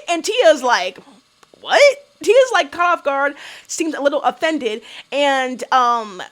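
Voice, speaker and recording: A woman's voice: high-pitched, fairly bright tone. A young woman giving a blunt, sassy recap of a reality show, swearing freely and firing off rhetorical questions. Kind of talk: casual opinionated recap.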